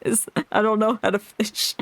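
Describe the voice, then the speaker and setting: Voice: mid-range voice, flat delivery, moderate pace, gravelly, fairly bright tone, no echo. A streamer giving casual gameplay commentary, joking and reading dialogue aloud. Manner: jokey, reads dialogue aloud, laughs often.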